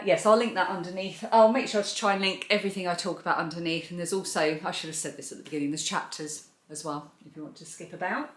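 A woman on the low side in pitch, with a fairly bright tone, runs a knitting and crochet vlog. She chats with enthusiasm about her projects in casual show-and-tell style, recorded in an echoey room.

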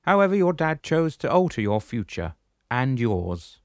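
A man voicing a wise, calm old shepherd who patiently explains things and gently lectures the younger ones. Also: mid-range voice, measured pace, no room sound, studio quality, voice pushed up. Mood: calm explaining.

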